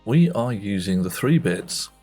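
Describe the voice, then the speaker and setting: Man, game streamer, muttering commentary, self-deprecating asides, slightly low voice. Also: big pitch swings, measured pace, a little mellow, soft background music. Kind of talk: live-stream commentary while playing.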